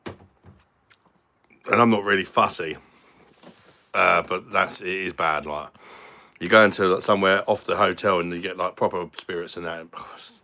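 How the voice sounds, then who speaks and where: A man's voice: low-pitched, fairly even intonation, a little slow, long pauses, sharp tone. Blunt British man on a livestream. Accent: British English. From Britain. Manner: blunt, joking, swears casually. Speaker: livestream host. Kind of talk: casual livestream chat reading comments.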